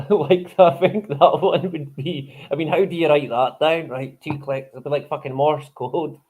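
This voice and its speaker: A man's voice: fairly high pitch, steady tone, a little slow, a little mellow, breathy edge. A man hosting a live stream in casual chat, rambling, swearing freely and chuckling often.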